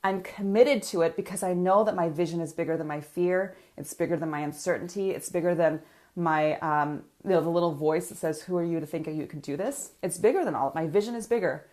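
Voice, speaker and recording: A woman's voice: lowish voice, brisk, darkish tone. A woman business coach, talking energetically to viewers in a live coaching session and reading out their comments.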